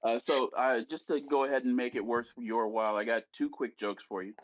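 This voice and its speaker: A man calling in to chat casually, friendly and joking, telling quick puns. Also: mid-range voice, steady tone, no echo, muffled recording. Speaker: caller.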